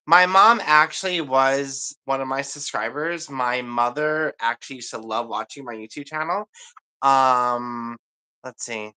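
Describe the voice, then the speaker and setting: A man's voice: mid-range voice, measured pace, pushed and bright, smooth, rough recording. A man chatting casually on a livestream, rambling and confiding in an emotional way.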